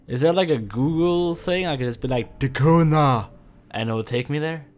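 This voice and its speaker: A man's voice: on the high side, a little fast, darkish tone, soft background music. A man giving rambling, swear-filled let's play commentary, thinking aloud as he plays. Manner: rambling and profane, often swears; thinks aloud while playing. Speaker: gamer playing a video game.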